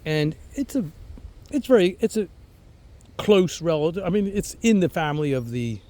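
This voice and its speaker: A man with a mellow, relaxed tone walks through a garden, chatting in a casual vlog style. He is enthusiastic and rambling, repeating words as he moves from one plant to the next. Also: sits high, moderate pace. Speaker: fig grower and channel host. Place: outdoors in a garden.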